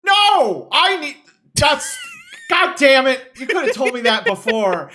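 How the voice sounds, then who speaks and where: A man co-hosting a podcast in casual chat, joking and reacting quickly. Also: very high voice, wildly swooping pitch, sharp tone, slight background noise. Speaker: podcast co-host.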